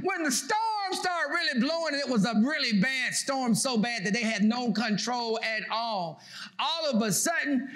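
Man, pastor, sermon, bright forceful tone, shouting call-and-response. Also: very high voice. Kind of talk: preaching a sermon.

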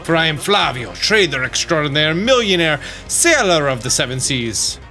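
A man's voice: fairly high pitch, very animated, normal speed, bright, forceful tone, soft background music, full character voice. A man voicing a flamboyant, self-important sailor-merchant in a vague mixed foreign accent, speaking in a theatrical, grandiose way. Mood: dramatic boasting. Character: pompous flamboyant male sailor-merchant braggart.

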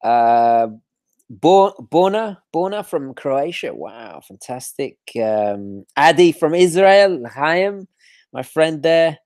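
A man hosting a live stream, greeting viewers from the chat in a relaxed way with frequent ums and restarts. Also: on the high side, takes it slowly, no echo, clean studio sound. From London. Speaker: watch channel host.

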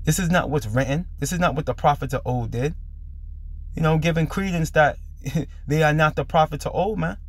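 A man's voice: on the high side, moderate pace. A man hosting a preaching video commentary, a little under the weather, talking emphatically and ending lines with "man". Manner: emphatic, repeats "man" at line ends. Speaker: religious commentary host.

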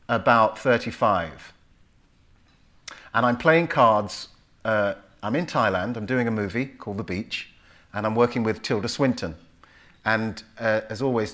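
A man in his fifties with a London accent, telling stories to an audience at a club event and acting out the voices in them. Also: lowish voice. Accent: London English. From England. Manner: animated storyteller, acts out voices in dialogue. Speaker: author giving a talk. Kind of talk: storytelling speech to an audience.

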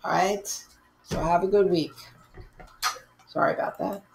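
A woman's voice: fairly low pitch, steady tone, measured pace, gravelly, background noise. A woman college instructor giving a recorded online course lecture in a conversational, easygoing way, with frequent fillers and restarts.

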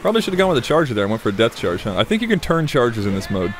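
A man's voice: mid-range voice, sing-song, rapid-fire, slight background noise. A man hosting a gameplay video, chatting casually, laughing often and muttering at other players.

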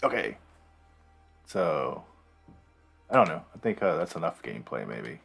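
A man's voice: a bass voice, sing-song, a little slow, creaky, a bit bright, slightly rough, faint music behind. A man casually commenting on the game he is playing, mumbling and thinking aloud to himself. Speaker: gamer playing a game on video.

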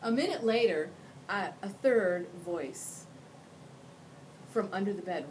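A woman teacher reading a picture book aloud with expressive storytelling. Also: on the low side, measured pace, background noise.

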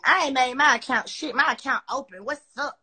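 A woman's voice: sits high, brisk, sharp tone, husky. A woman ranting angrily on a phone live stream, cursing constantly and repeating herself as she confronts her critics. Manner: heated, cursing, repetitive and confrontational. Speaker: social media personality on a live stream. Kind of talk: profane angry rant on a live stream.

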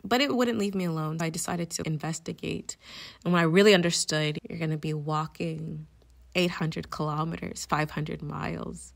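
A woman guest on a podcast, telling a personal story in an animated way, often laughing and acting out her own reactions. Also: deep voice, moderate pace, creaky.

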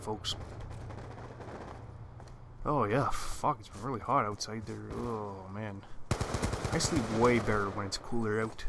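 A man's voice: lowish voice, a bit bright, slight background noise. Guy from canada doing loose sweary game commentary, lots of uh and like, gunfire going off behind. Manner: swears often, many fillers, loose storytelling. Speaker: gameplay commentator. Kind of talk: casual rambling commentary over gameplay.

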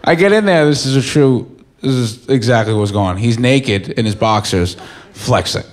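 A young man doing stand-up on stage, telling a story with lots of swearing and swinging between loud bursts and mumbles. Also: mid-range voice, lively intonation, normal speed. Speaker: stand-up comedian. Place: comedy stage before a live audience. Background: faint audience laughter.

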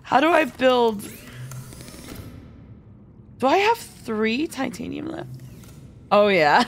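A woman's voice: fairly high pitch, very animated, takes it slowly, creaky, pauses often, slight background noise. A woman streaming a game live, chatty and giggly, thinking aloud and answering viewer chat. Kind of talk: live gameplay commentary.

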